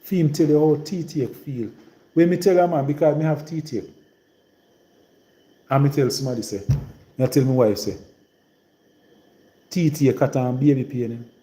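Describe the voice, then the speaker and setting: Jamaican man, rural Trelawny patois accent, very dark mellow tone, rambling live-stream host. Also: fairly high pitch, normal speed, pauses often, echoey room, low-quality recording. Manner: rambling and repetitive, in heavy patois. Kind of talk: casual live-stream monologue.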